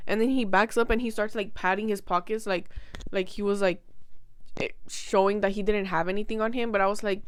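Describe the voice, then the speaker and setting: A woman's voice: mid-range voice, steady tone, fast, clear, resonant tone, no room sound. A young woman vlogger talking casually to camera, rambling emotionally through a personal story with many fillers and restarts.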